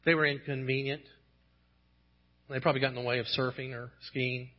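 A man's voice: medium pitch, level tone, a little fast, muffled recording. A man preaching a sermon as pastor, earnest and building to impassioned emphasis when he quotes scripture.

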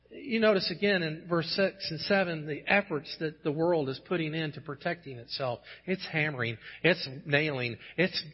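A male pastor delivers an earnest sermon, his voice a little husky and sitting somewhat high. He swells into impassioned emphasis at key lines. The recording is dull and lo-fi. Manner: earnest, rising to impassioned emphasis when quoting scripture.

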